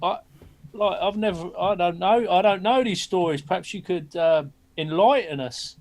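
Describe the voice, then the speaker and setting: Male player, high voice, friendly in-character banter. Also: moderate pace, a little mellow. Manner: friendly, colloquial, hesitant. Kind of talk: in-character tabletop role-play.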